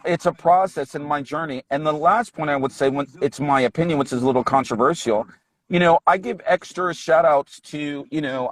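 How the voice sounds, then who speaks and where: A man, an English teacher, talking on a live video call, emphatic and repeating his key points. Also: fairly high pitch. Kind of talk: casual live-stream conversation.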